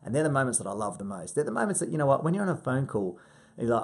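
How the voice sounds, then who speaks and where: Fast-talking guy coaching a sales crew, gravelly and a bit husky, swears a lot, acts out calls. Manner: energetic, swearing, acts out client calls with big pitch jumps. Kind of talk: coaching talk to a sales team.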